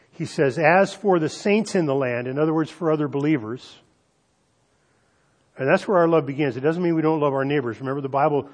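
A male pastor delivering a sermon, slowing down to stress key phrases and speaking directly to the congregation. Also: fairly high pitch. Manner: emphatic preaching with slowed, stressed phrases and audience asides.

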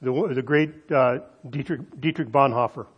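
A male pastor delivering a sermon in a medium-pitched voice. He drags out the phrases he wants to land, then moves on in a conversational tone. He speaks straight to his listeners with asides and questions. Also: slightly rough, muffled recording. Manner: emphatic preaching with slowed, stressed phrases and audience asides.

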